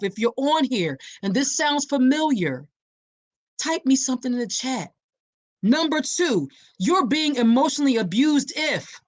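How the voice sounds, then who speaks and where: A woman with a mid-range voice hosts an awareness podcast, preaching directly to her listeners and calling them y'all. She drives her points home with punchy emphasis and dramatic pauses, and there's no room sound.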